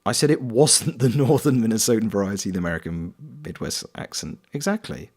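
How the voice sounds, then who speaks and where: A man's voice: on the low side, animated, a little fast, darkish tone. A man from Wales chatting casually on a live stream while gaming, rambling and reading chat aloud. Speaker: streamer and voice actor.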